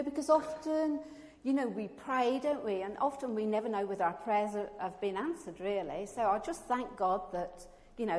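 Chatty woman telling a testimony. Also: medium pitch. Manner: chatty, acts out the voices in her story. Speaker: churchgoer giving a testimony. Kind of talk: personal testimony storytelling. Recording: long echoey reverb.

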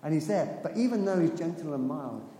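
A preacher with a voice high for a man tells his sermon like a lively story at a fairly quick pace, pausing now and then to laugh at his own asides. His words ring through a large hall with long, echoing reverb, over a little hiss or hum.

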